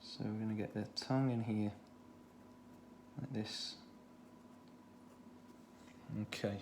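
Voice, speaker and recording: A man with a Stoke-on-Trent accent, talking through a children's drawing tutorial in a relaxed way, thinking aloud as he draws. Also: lowish voice, takes it slowly, a little hiss or hum. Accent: Stoke-on-Trent English. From England. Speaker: art tutor.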